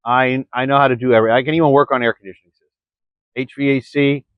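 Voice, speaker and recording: A man's voice: medium pitch, steady tone, racing, clear, resonant tone, no room sound. A man in a rambling vlog monologue, stumbling over words and calling his listeners "folks.". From Florida. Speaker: vlogger. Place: early morning, indoors or near the camera. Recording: dry, dull lo-fi sound.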